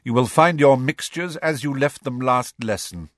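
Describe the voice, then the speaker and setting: A man voicing a cold, sneering male teacher with a low, drawling voice. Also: normal speed, dry recording, studio quality, natural voice.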